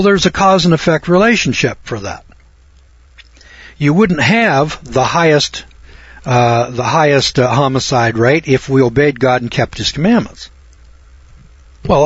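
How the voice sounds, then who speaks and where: A man preaching a sermon-style monologue, growing emphatic and louder when stressing his points. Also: medium pitch, breathy edge, no echo, highs cut off.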